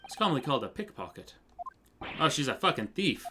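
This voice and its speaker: A man's voice: a little high, very animated, fairly quick, noisy background. A man streaming a video game live, reacting and commenting in a casual, crude, joking way. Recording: game music behind.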